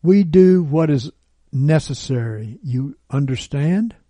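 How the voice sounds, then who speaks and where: A man's voice: fairly high pitch, animated, takes it slowly, warm tone, dry recording. A man voicing a bitter, contemptuous woman who calls herself a witch, speaking arrogantly and snapping. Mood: scornful. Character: scornful bitter adult woman, a self-declared witch.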